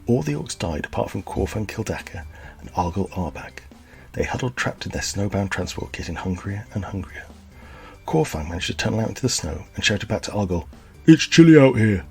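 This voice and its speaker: A man hosting a comedic podcast, delivering jokes and history in a mock-earnest, deadpan way. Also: low-pitched, a little fast, vocal fry. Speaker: podcast host.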